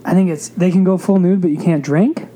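A man who works as a wrestling announcer, chatting on a podcast and telling stories in a relaxed, wry way. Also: high-pitched, brisk. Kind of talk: casual podcast chat.

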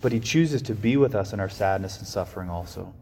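A man's voice: lowish voice, quick pace, warm tone, in a large hall, a little hiss or hum. A man giving a reflective sermon, often restarting and repeating his phrases. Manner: reflective, with frequent restarts and repetitions. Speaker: preacher.

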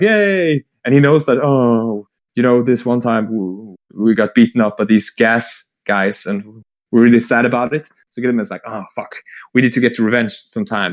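A man casually retelling a long war story, rambling with fillers, swearing and quick acted-out quotes. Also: mid-range voice. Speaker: podcast co-host retelling lore. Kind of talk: casual chat.

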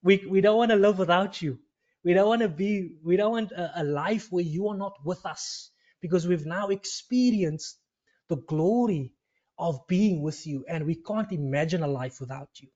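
A man voicing a devoted male disciple who pleads softly not to be left behind. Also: high-pitched, moderate pace, highs cut off, lightly acted. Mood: pleading.

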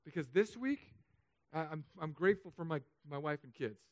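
A fairly high-voiced man preaches a sermon with feeling. He swings from loud, pressing appeals down to soft, hushed passages. His voice sounds close and dry, with no room echo. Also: lively intonation, moderate pace. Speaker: pastor.

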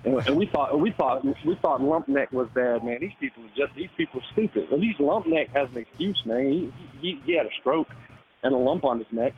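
A man's voice: medium pitch, lively intonation, brisk. A man on a call-in show, cursing freely and closing nearly every phrase with "man". The line is dull and lo-fi, with faint noise behind him. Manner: profane, tacks "man" onto every phrase. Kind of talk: casual call-in chat.

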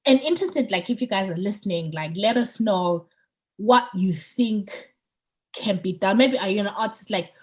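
A woman co-hosting a podcast in casual chat, chatty and getting excited on politics, with lots of fillers and restarts. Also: mid-range voice, moderate pace. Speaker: podcast co-host.

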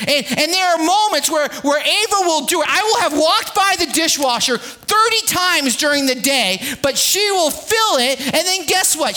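A man's voice: very high-pitched, pushed and bright. A man preaching a sermon in a conversational storytelling way, acting out everyday dialogue. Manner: conversational storytelling, acts out dialogue, frequent restarts. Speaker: pastor. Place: church.

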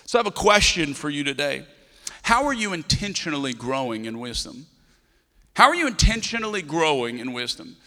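A man's voice: on the high side, sing-song, a little fast, sharp tone, long reverb tail. A man, a pastor preaching a sermon and telling a family story, acting out the dialogue with voices.

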